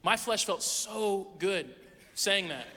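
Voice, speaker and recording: The middle-aged pastor here has a high, sharp, animated voice but takes things slowly. He tells candid, self-deprecating stories in a conversational sermon, recorded in a church sanctuary with the long reverb of a big hall.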